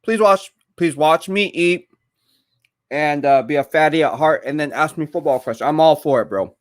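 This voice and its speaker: A man's voice: fairly high pitch, moderate pace. Chatty young man live-streaming. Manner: chatty, reads viewer comments aloud, rambling. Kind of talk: casual live-stream chat while eating.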